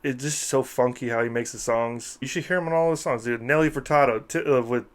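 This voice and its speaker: This is a young man talking casually on a podcast, loose and profane, with "dude" tacked onto his sentences. His voice sits at an ordinary middle pitch for a man. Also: a little fast. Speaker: podcast co-host. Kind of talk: casual chat.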